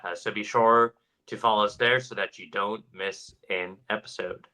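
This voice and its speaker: A man from Georgia co-hosting a casual paranormal podcast, relaxed and quick to chuckle. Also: on the low side, poor audio. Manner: laid-back, chuckling reactions. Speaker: podcast co-host.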